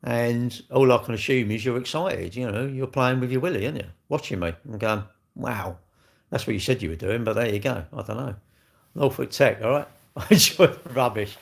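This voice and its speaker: A man chatting live to his viewers at home, rambling and blunt, swearing freely and swinging from loud jokes to low grumbles. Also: moderate pace, vocal fry. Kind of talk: casual live-stream chat. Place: at home, moving about near the kitchen. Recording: echoey room.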